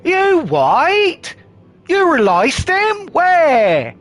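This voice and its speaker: Guy doing a fake aussie accent, weathered old dude yelping shocked questions, way high and loud. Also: wildly swooping pitch, extremely slow, exaggerated voice. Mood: alarmed. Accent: put-on Australian. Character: weathered older man, alarmed and scolding.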